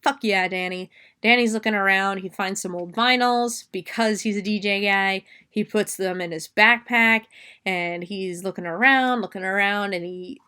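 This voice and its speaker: A woman's voice: mid-range voice, normal speed, sharp tone, clean tone. Swearing, rambling woman podcast host. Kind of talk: casual movie recap.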